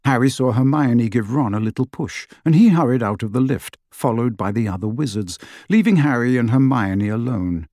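A man narrating a fantasy novel as an audiobook, with expressive storytelling. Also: medium pitch, moderate pace, few pauses, dry recording, clean studio sound. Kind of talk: scripted narration.

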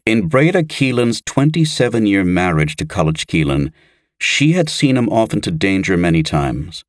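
Deep-voiced man narrating an audiobook. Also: no echo, clean studio sound. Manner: measured and even.

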